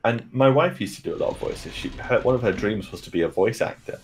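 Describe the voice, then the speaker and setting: A man's voice: fairly low pitch, animated, fast. A man co-hosting a game stream, bantering playfully and mocking himself in casual chat. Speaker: stream co-host.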